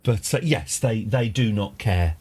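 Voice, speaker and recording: A man's voice: on the low side, expressive, measured pace, darkish tone, breathy edge. A man chatting casually as a game streamer, rambling through tangents with dry jokes. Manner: rambling, tangent-prone, dryly joking. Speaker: livestream gamer host.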